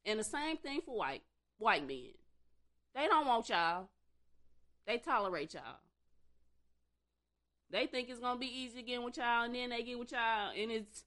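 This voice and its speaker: A woman's voice: a little high, lively intonation, normal speed, pauses often, pushed and bright. A woman ranting bluntly and profanely in a casual commentary, exasperated and swearing freely.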